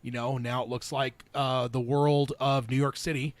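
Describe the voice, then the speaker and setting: A man's voice: medium pitch, little pitch movement, normal speed, no room sound. Podcast host guy, mid voice, lots of uh and um, reads bits of the book out, dead dry sound. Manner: reads passages aloud, lots of fillers and restarts. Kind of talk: casual book club chat.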